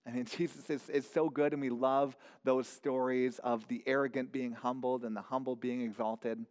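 A man's voice: medium pitch, flat delivery, normal speed, darkish tone, long reverb tail. A man preaching a sermon in an earnest, questioning way, often repeating his words as he goes. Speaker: pastor.

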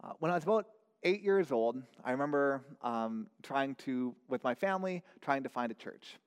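A man's voice: mid-range voice, expressive, normal speed, clear, resonant tone. Male pastor preaching, earnest and searching, with a long hall reverb on the voice. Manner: earnest, repeats words, asks searching questions. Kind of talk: sermon.

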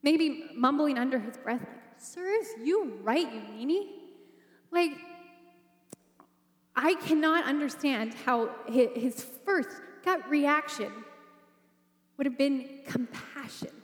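A woman's voice: high-pitched, slow. A woman giving a sermon, telling a story in a conversational way and asking the listeners rhetorical questions. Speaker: preacher. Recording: echoey hall.

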